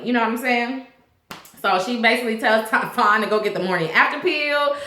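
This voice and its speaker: A bright, higher-voiced woman recaps a TV episode in a chatty, animated way, slipping into the characters' voices as she goes. Her speech is casual and loose, full of fillers and asides. She sounds like she's in an echoey room. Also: fairly quick. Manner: animated retelling, acts out characters' lines. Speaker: TV recap vlogger.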